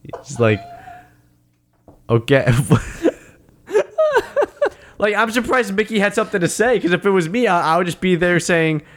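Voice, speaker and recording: A man's voice: high voice, expressive, moderate pace, long pauses, fairly bright tone. A man in casual chat recapping a boxing movie, swearing freely and acting out the characters' lines between laughs. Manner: laughing, profane, acts out quoted lines.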